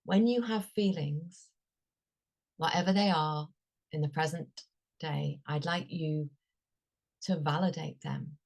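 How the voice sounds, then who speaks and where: A woman with a notably low voice leads a workshop as a coach. She talks gently and soothingly, often pausing with a soft "um" between thoughts. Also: creaky. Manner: gentle, soothing delivery with frequent "um" pauses. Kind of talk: leading a workshop.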